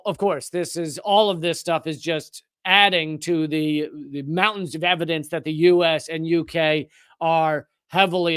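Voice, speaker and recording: High, smooth-voiced sarcastic male commentator. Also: fairly bright tone, no echo. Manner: sarcastic and mocking. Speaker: live-stream commentary host. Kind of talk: live-stream political commentary.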